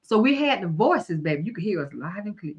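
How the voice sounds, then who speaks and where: A woman's voice: medium pitch, very animated, a little fast. A middle-aged woman, chatting casually on a livestream and telling stories in a folksy way, calling listeners honey and baby. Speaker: guest, online creator.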